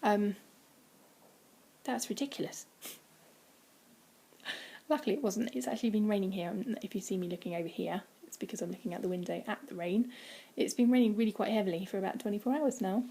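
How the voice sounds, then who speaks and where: A woman chatting casually from home in a vlog, rambling with many ums and dropping into quiet, breathy asides. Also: mid-range voice, a little fast. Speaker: vlogger. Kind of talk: casual weight-loss vlog. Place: indoors at home, by a window.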